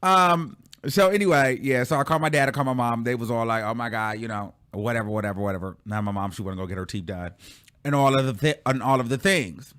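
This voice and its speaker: A man hosting a casual pop-culture commentary show, talking in an animated, sassy way, stretching out words for effect and laughing often. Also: mid-range voice, fast, clear, resonant tone.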